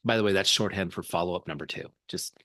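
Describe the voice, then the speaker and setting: Man, lowish voice, energetic coach, video-call training, dry close sound. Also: quick pace, dry recording. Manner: energetic, coaching, asks the listeners for confirmation. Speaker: software founder training a sales team.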